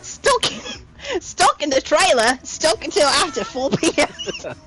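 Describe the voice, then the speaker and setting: A woman's voice: high voice, very animated, slow, sharp tone, soft background music. A woman reading video game dialogue aloud in playful, silly put-on accents and giggling often. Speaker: game streamer.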